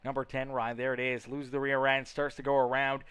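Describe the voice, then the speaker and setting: Between race calls in an online racing league, a young commentator chats with and teases viewers, often repeating himself and tripping over words. His mid-range voice is flat, fairly bright, smooth, and a little fast, with no echo.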